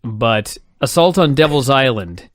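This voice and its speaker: Exasperated podcast co-host, animated man. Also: medium pitch, unhurried, no room sound, clean studio sound. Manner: incredulous, exclaiming, lots of rhetorical questions. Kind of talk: casual chat.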